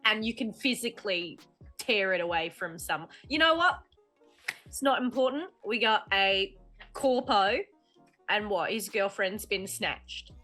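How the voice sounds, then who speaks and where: A woman's voice: medium pitch, measured pace, pushed and bright. A woman playing her character in a tabletop game, casual and rambling with jokes. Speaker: player. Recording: faint music behind.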